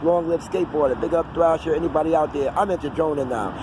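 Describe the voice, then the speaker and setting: A man's voice: fairly high pitch, quick pace. A man, rambling on in an unscripted outdoor vlog and drifting off into fillers. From New York City. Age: 40s. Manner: digressive, talkative, trails off into fillers. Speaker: vlogger. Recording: outdoor street noise and traffic.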